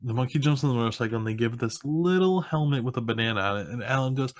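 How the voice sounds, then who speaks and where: A young man co-hosting a podcast, casually recapping a film in an animated way, acting out quotes and laughing often. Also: medium pitch, fast, no room sound. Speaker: podcast co-host. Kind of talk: casual movie recap chat.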